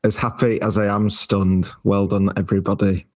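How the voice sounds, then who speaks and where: Hoarse, flat-voiced English fan. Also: male voice, on the low side, normal speed. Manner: fillers, breathless enthusiasm. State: a bit hoarse. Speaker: podcast co-host. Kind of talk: casual football podcast chat.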